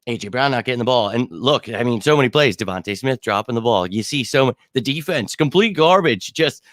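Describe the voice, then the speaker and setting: A man in the middle of an angry postgame rant, irate and still shaken, tripping over his words and starting over. His voice sits at an ordinary pitch and is recorded close and dry, with no room sound around it. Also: lively intonation, a little fast, a bit bright, no echo. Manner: angry, exasperated rant with frequent restarts. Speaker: podcast host. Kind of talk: postgame fan reaction talk.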